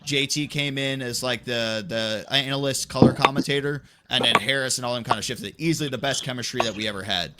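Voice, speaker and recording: A man's voice: medium pitch, brisk, hardly any pauses, heavy background noise. A young man, an esports play-by-play commentator, telling a story in casual podcast chat with plenty of swearing. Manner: profane, animated storytelling.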